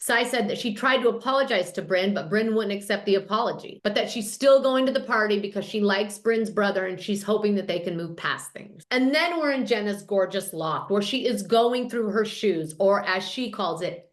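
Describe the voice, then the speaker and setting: Woman podcast host, mid-pitch, casual gossipy recap delivery. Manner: chatty, gossipy storytelling, quotes people in passing.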